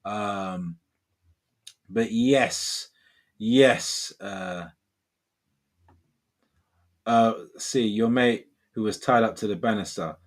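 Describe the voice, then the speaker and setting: A man's voice: lowish voice, drawn-out words, pauses often. A man in his forties hosting a livestream, chatting casually and reading viewer comments in a rambling, laid-back way, saying "man" and "bro" often. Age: 40s. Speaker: livestream host.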